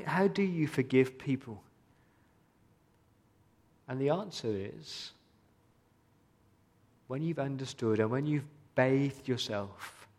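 Speaking at a medium pitch with a darkish tone, a man preaches a sermon as a pastor, earnest and pleading and full of questions for his listeners. Long hall reverb fills the church hall recording.

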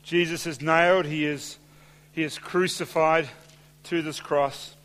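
A man preaching a sermon in a church, measured and deliberate, dropping softer and slower when he quotes scripture. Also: a little high, steady tone. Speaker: pastor. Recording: long hall reverb.

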